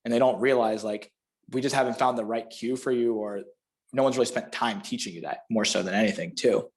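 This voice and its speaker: A man with a Florida panhandle accent chats easily as a podcast guest, medium-pitched. He explains training cues with vivid images and laughs often. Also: fairly even intonation, brisk. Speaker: guest, fitness clinician. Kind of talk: casual podcast chat.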